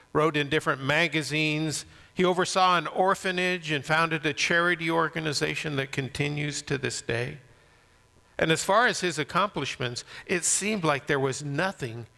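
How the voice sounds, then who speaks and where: A man preaching a sermon, swinging from loud emphasis to soft near-whispers. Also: on the high side, gravelly, long reverb tail. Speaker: pastor.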